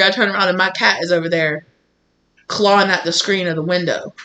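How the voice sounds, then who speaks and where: Bright and forceful, the medium-pitched voice stays steady while moving a little fast as the tarot reader addresses viewers directly. She swears casually, repeats phrases, and plays out what other people say in a blunt, emphatic way.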